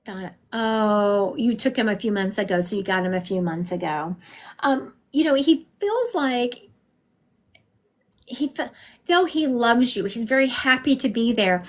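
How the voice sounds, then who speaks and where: A woman's voice: on the high side, animated, unhurried. A woman, chatting casually to viewers on a livestream as she gives psychic readings from home. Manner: chatty, warm-hearted, talks straight to viewers.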